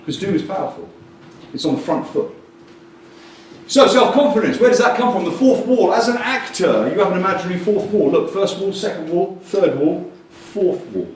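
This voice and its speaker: At a conference, a man gives a lively keynote at a normal pace, joking and acting out quotes in different voices as his pitch leaps around. His voice sits a little high for a man, and he sounds distant from the microphone. A large, echoing hall surrounds him, with faint room noise beneath.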